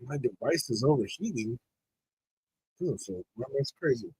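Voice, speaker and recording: A man's voice: mid-range voice, expressive, moderate pace, mellow, slightly rough, poor audio. A man hosting a live football watch party, reacting to the plays and talking with his chat. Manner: frustrated, reacting to the game, talks to chat. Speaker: podcast host.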